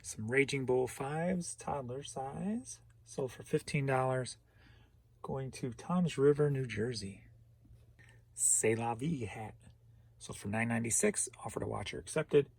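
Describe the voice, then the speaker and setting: An online reseller gives a relaxed, casual rundown of things he's sold, naming each item and where it's headed, with the odd chuckle. His mid-range voice is slow, gravelly and a bit rough, and the recording is dry.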